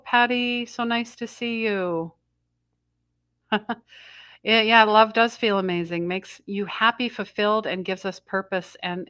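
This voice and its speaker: A woman's voice: medium pitch, fairly bright tone, no room sound. A middle-aged woman hosting a spiritual energy update in a mid-range voice. She rambles, cuts herself off and restarts, and relays the messages she says she is hearing. The sound is close and dry, with little room. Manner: rambling, self-interrupting, channels messages she hears. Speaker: intuitive astrology host.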